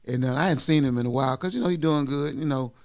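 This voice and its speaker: A man's voice: medium pitch, fast talker. A man, a guest on a casual podcast, telling profane, laughing stories about old friends to his buddies. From Atlanta area, Georgia. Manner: profane, laughing, animated storyteller. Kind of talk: casual storytelling among friends.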